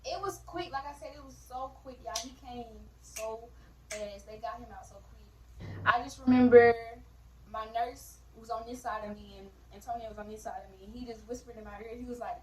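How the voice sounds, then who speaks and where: A woman's voice: a little high, brisk, very noisy. A young woman casually telling her birth story to viewers, chatty, with lots of fillers, calling them y'all. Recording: roomy, distant mic.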